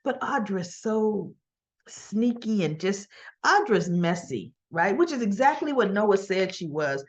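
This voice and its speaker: A woman hosts a casual soap opera recap show, chattily retelling scenes and acting out characters' lines as quotes. She's very animated, with a medium-pitched voice and a measured pace.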